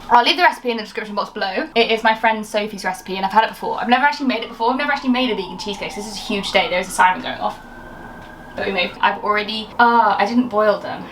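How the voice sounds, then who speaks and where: An English lifestyle YouTuber in her twenties bakes in her home kitchen, chatting casually for a vlog in a rambling way that keeps interrupting itself. Her voice is medium-pitched, the background is noisy, and a camera off to the side picks her up.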